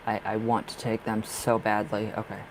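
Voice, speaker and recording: A man's voice: fairly low pitch, monotone, normal speed, background noise. A man hosting a live tarot reading stream, chatting casually and expressively with viewers and laughing often.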